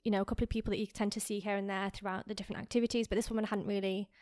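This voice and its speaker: A woman's voice: mid-range voice, flat delivery, racing, a little mellow. A woman co-hosting a podcast, talking through an emotional story with lots of "like" and close to tears. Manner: tearful, filler-heavy storytelling. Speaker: podcast co-host.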